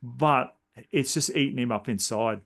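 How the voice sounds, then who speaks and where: Male podcast host, gravelly voice, chatty and rambling anecdotes. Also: mid-range voice, measured pace, fairly bright tone. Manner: rambling, many restarts and "you know". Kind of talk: casual storytelling chat.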